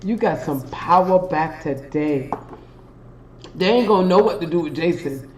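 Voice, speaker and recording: A woman's voice: low voice, lively intonation, unhurried, darkish tone, poor audio. A woman hosting a live stream, giving an emphatic, preachy and profane motivational pep talk straight to her viewers. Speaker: spiritual reader and live-stream host.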